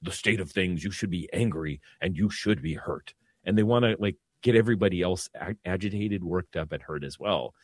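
Calm low-voiced priest on the radio. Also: male voice, fairly quick, dry recording. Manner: calm, drops his voice low to soothe. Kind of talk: casual radio talk.

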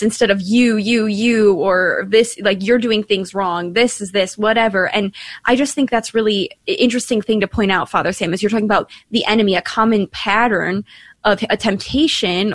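A woman from Ireland co-hosting a Catholic radio talk show, chatty and quick, laughing easily. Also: medium pitch, no echo. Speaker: radio co-host.

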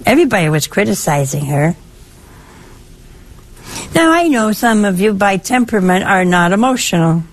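An older woman giving a lively, conversational sermon, her pitch swinging high and low. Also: normal speed, pauses often. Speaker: religious speaker. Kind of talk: sermon-style talk.

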